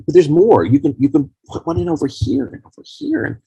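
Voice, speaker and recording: A man being interviewed as a guest, telling long rambling stories about making his film in a casual, animated way. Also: fairly high pitch, a little fast, gravelly, husky, no room sound, lo-fi sound. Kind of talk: casual anecdotal storytelling.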